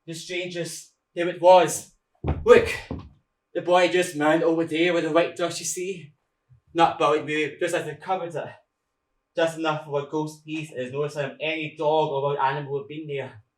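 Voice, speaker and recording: A man's voice: fairly high pitch, level tone, moderate pace, natural voice. An actor playing a nervous male guard who brings bad news, hesitant and stammering with many ums and restarts. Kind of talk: stage play acting. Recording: echoey room.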